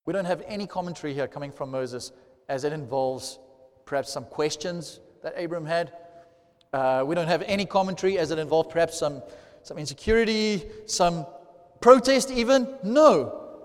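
A man preaching a sermon, animated and swelling loudly to stress key points, recorded in a large hall. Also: on the high side, fairly quick. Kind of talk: sermon teaching. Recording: long hall reverb.

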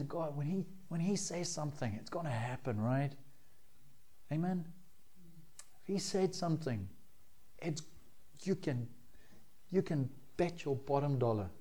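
A man's voice: medium pitch, mellow. A middle-aged man, a pastor, preaching a sermon in a conversational way and often checking in with his listeners.

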